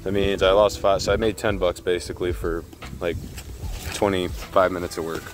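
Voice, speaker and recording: A man's voice: deep voice, fairly even intonation, moderate pace, music in the background. A young man vlogging in casual, rambling chat, cursing and joking about himself as he talks outside and from his car. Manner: rambling, profane, self-deprecating. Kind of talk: casual vlog.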